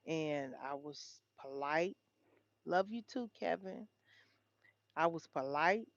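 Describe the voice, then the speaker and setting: A woman's voice: low voice, expressive, slow, creaky, long pauses, no room sound, muffled recording. A woman hosting a casual livestream, chatting with viewers and reading headlines aloud. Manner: chatty, talks straight to viewers. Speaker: livestream host.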